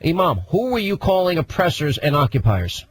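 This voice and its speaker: A man's voice: a little high, sing-song, fairly quick, low-quality recording. Combative TV host, pressing man. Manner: pressing, interrupting, demands yes or no. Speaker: TV host, interviewer. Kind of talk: combative TV interview.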